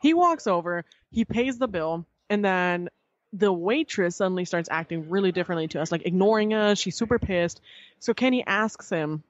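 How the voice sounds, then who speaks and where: A woman guest on a podcast, telling a story in casual chat, animated and swearing freely as she acts out what others said. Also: fairly low pitch, normal speed, no room sound, dull audio.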